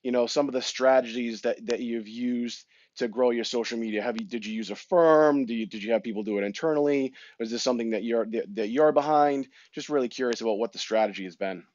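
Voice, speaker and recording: A man's voice: medium pitch, fast, few pauses, a little mellow, dry recording. A man who says he is sick, asking a guest a question in a friendly, hesitant way with lots of fillers. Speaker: audience member asking a question. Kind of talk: casual chat. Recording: dull, dry audio.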